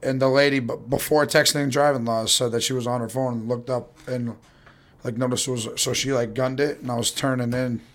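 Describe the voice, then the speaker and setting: Young New man, casual podcast co-host, relaxed rambler who swears easily, mid-range voice. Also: medium pitch, brisk. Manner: laid-back, rambling, swears casually, trails off. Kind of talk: casual chat.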